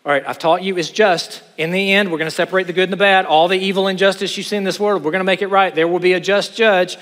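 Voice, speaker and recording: A middle-aged man preaching a sermon to a chapel audience, animated, with joking asides and rhetorical questions. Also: high voice, fast talker. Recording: hall with long reverb.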